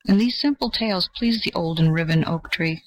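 A narrator reading an old fairy tale aloud in a measured, gentle way. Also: mid-range voice, poor audio. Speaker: audiobook narrator. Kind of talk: scripted storybook narration.

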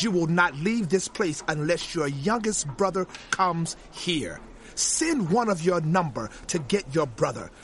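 A man's voice: a little high, a bit bright, slight background noise. An actor playing a stern, commanding male ruler in an audio drama, speaking in a harsh, accusing way.

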